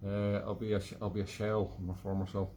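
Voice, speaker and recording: Man, Scottish accent, lowish voice, rambling self-mocking chat, accordion player hosting a live stream from home. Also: flat delivery, fast, mellow, a little hiss or hum. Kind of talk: casual chat between tunes. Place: at home in his flat.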